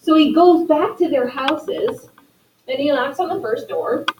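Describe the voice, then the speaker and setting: A woman teacher telling children a story, animated and playful, acting out the characters. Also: high-pitched, measured pace, far from the mic. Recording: echoey room, voice from afar, faint noise.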